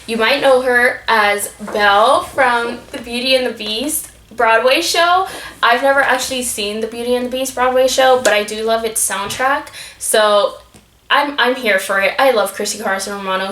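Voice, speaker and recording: Young woman vlogging, kinda high voice, super gushy and excited, echoey room. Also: normal speed, slight background noise. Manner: gushing, enthusiastic, frequent fillers and laughs. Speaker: YouTube vlogger asking a celebrity fan questions. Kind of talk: casual fan vlog to camera.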